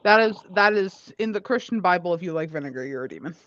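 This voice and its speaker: A woman's voice: on the low side, lively intonation, fast, fairly bright tone. A young woman from Maine, tipsy and boisterous, swearing and laughing often in casual live-stream chat. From Maine, USA. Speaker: guest co-streamer. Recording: dull lo-fi stream audio.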